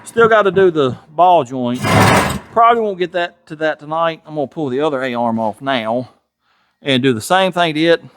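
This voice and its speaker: A Southern US man chats casually as he works on a car in his home garage, folksy and quick to poke fun at himself. His voice leaps around with a lively, animated pitch, sitting a little high for a man. Tool clatter and shop noise come through clearly behind him. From Tennessee, USA. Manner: folksy, chuckling, self-deprecating. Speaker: garage channel host. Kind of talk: casual workshop vlog talk.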